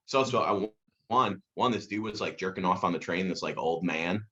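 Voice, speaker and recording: A man with a lowish voice tells stories as a podcast guest. He talks animatedly, swears freely, and acts out quoted lines with sudden leaps in pitch. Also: normal speed, fairly bright tone, dull audio. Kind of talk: casual podcast chat.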